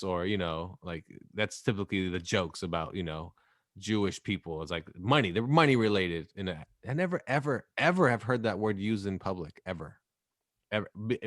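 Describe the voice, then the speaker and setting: A man's voice: low voice, a bit bright, dry recording, clean studio sound. A man in his thirties co-hosting a podcast in casual chat, rambling and swearing freely. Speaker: podcast co-host.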